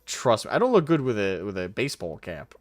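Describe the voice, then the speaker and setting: A man's voice: lowish voice, sing-song, a little fast, no room sound. A young man chatting casually on a live stream, reading and answering chat with frequent laughs and casual swearing. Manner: laughs often, self-deprecating, swears casually.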